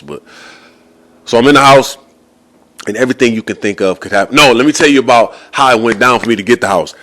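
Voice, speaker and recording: Laid-back man telling a story. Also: fairly low pitch. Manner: casual, animated, laid-back slang. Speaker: podcast host.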